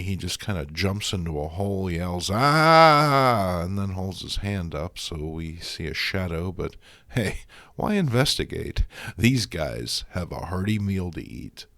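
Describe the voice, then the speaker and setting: A man narrates reviews of old comic books with wry, sarcastic asides. His voice sits on the low side but swings widely in pitch. The recording is close and dry, with no room sound. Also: dry recording. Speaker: host.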